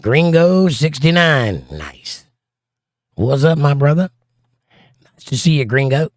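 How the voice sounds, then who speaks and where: This host's medium-pitched, darkish voice has a sing-song quality and a slow pace as he reads viewer comments on a casual livestream and responds with wry asides. It's a dry, clean studio recording.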